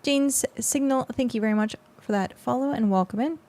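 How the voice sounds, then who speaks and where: A woman's voice: on the high side, brisk, a little mellow. Chatty young woman streaming to viewers. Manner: rambling and chatty, many fillers. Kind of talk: casual livestream chat with viewers. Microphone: close mic.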